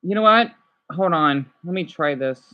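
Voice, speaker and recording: A woman streaming a game on her phone and chatting excitedly with her viewers, often restarting her sentences. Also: lowish voice, moderate pace. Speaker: game streamer reading chat. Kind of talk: casual livestream chat. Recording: dull lo-fi phone audio.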